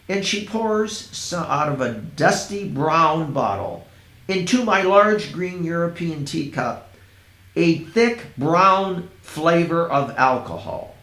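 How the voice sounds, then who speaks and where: A man reading his own first-person story aloud, in a dreamy, unhurried storytelling manner. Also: on the high side, expressive, fairly bright tone. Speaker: narrator. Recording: roomy echo.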